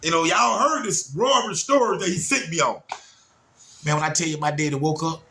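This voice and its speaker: A man telling a story from his childhood in a casual, animated way, talking straight to his listeners and swinging his pitch widely for emphasis. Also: fairly quick, a little hiss or hum. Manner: talks straight to listeners, often with "y'all" and "man".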